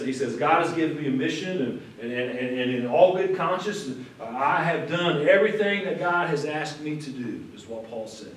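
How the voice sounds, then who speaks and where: A man preaching a sermon as pastor, conversational, repeating words and acting out the people he quotes with rising emphasis. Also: fairly high pitch. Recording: echoey room from far off.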